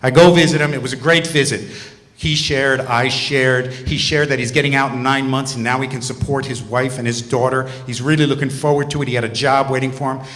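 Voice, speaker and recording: A former teacher telling a confessional story to a live audience on a theater stage, in an animated, candid way. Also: male voice, mid-range voice, a little fast. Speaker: former teacher and religious brother. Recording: long hall reverb from a stage.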